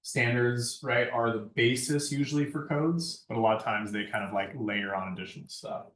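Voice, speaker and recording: A man's voice: medium pitch, moderate pace, a bit bright. Lecturing man, echoey and far off. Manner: conversational, keeps asking "right?". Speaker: lighting design instructor. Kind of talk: classroom lecture. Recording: echoey room, far from mic.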